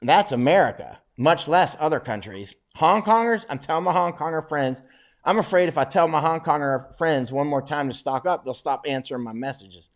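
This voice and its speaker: A man's voice: fairly high pitch, lively intonation, moderate pace. A middle-aged man, a war correspondent, talking bluntly and boastfully in a casual livestream monologue, often chuckling.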